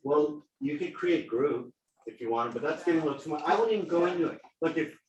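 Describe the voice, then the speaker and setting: A middle-aged man tells stories to a room of agents, acting out the quotes with lots of energy. His voice sits a bit high and sounds distant, picked up from across a reverberant meeting room. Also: fast, muffled recording. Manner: animated storyteller, acts out quotes. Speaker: title company rep giving a sales seminar. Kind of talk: casual workshop talk. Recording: echoey room, mic at a distance.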